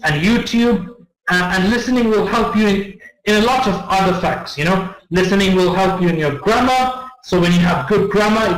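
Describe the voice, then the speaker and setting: A man's voice: high voice, roomy sound, low-quality recording. A man teaching an English test-prep class, explaining tips with frequent repetitions and check-ins to students, recorded in a classroom on a room mic. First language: not English. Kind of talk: classroom lecture.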